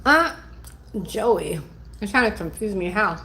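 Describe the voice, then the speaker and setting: A woman's voice: medium pitch, animated, takes it slowly, vocal fry, bright, forceful tone, slight background noise. A middle-aged woman hosting a casual livestream over lunch, reading out viewer comments with lots of fillers. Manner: chatty, reads out viewer comments, many fillers. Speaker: livestream host. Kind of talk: casual live chat while eating lunch.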